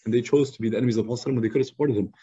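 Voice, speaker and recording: A man teaching a youth study circle in a lively, conversational storytelling style, acting out quotes over a video call. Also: medium pitch, rapid-fire, breathy edge. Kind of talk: casual storytelling lesson. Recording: slightly muffled lo-fi recording.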